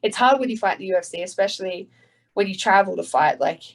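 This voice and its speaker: A woman's voice: mid-range voice, fast talker, rough recording. Chatty Australian woman, swears freely. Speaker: guest fighter. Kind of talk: casual interview chat.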